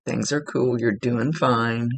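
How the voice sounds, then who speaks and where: A woman working as a psychic medium, giving a one-on-one reading and talking in a halting way, often searching for her words. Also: extremely low pitch, steady tone, gravelly, slightly rough, dry recording, poor audio.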